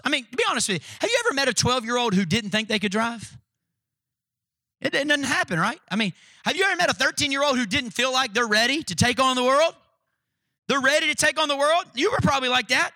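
A man in his thirties preaching a sermon, telling family stories with animated quoted voices and frequent "right?" asides. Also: very high-pitched, a little fast, no echo. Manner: repeats "right?" to engage listeners. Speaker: pastor.

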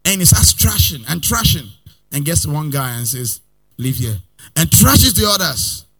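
Husky, animated preaching man. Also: a little high, normal speed, faint music behind. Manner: animated preaching, swinging from loud to soft, sometimes sing-song; calls the congregation to repeat lines after him. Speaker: pastor. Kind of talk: sermon.

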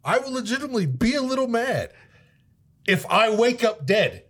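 A man in casual chat, ranting with profanity and sudden loud outbursts. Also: very high-pitched, very animated, normal speed.

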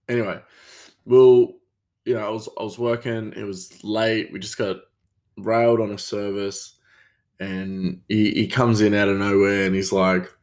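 A man's voice: lowish voice, normal speed. A man with an Australian accent, rambling through a casual story as host of his own show. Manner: rambling, animated storytelling with many fillers. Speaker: podcast host, chef.

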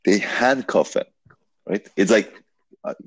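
A man telling a long story in a casual podcast conversation, animated and full of fillers, swearing now and then. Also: lowish voice, slow pace, husky, no room sound.

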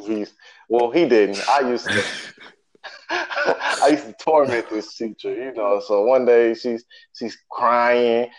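A man's voice: medium pitch, slow. A young man telling a story about his school days in casual chat, easygoing and self-mocking with frequent laughs. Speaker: co-host. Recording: dull lo-fi sound.

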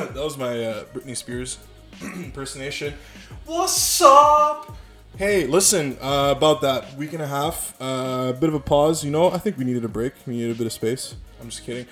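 A man hosting a podcast, talking casually in a halting way with restarts and the odd curse. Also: mid-range voice, soft background music. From Canada. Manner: halting, many fillers and restarts, sometimes swearing. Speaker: podcast host.

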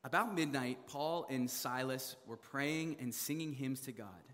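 A young man from Canada telling a funny story in a sermon, animated, laughing often and full of fillers. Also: mid-range voice, a little slow, in a large hall. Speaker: preacher.

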